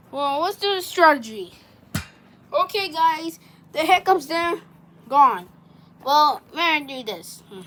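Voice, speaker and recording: High bright excitable voice doing a toy skit. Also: female voice, a little slow. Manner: excitable, rambling, with many restarts. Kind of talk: plush toy skit, one person doing all voices.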